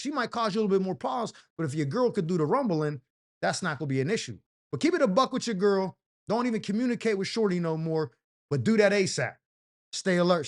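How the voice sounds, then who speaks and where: A man hosting a comedic advice show, reading letters aloud and answering them in a loose, slangy storytelling style, acting out the quoted voices. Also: sits high.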